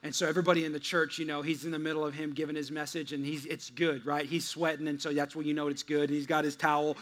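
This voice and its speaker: A man with a high, bright voice preaching a sermon. He talks to his congregation like a friend in casual chat, then acts out his stories with lively, animated voices. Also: quick pace. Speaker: pastor.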